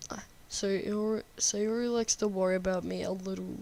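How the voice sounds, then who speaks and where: A woman's voice: medium pitch, steady tone, moderate pace, vocal fry, warm tone, slight background noise. Sarcastic woman streaming a game. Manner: casual, sarcastic, swears freely. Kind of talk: gameplay commentary and reading game text.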